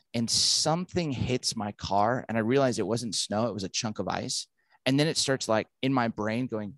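A man, a pastor and author, telling a story in an interview and acting out the quoted lines with animated delivery. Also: medium pitch, no echo.

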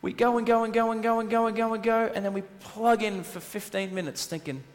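A married adult male pastor preaches a sermon in a high, brisk voice, telling stories animatedly and acting out voices. He repeats things for emphasis. The recording carries the long reverb of the church hall he's speaking in.

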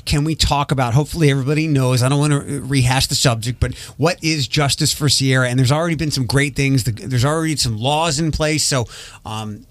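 A man hosting a morning radio show, chatty and teasing in quick banter with his co-hosts. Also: medium pitch, no room sound.

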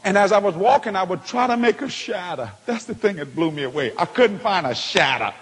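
A man preaching a testimony sermon, telling it with feeling and swinging from hushed tones to shouts. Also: high voice, expressive, a little fast, husky. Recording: long hall reverb.

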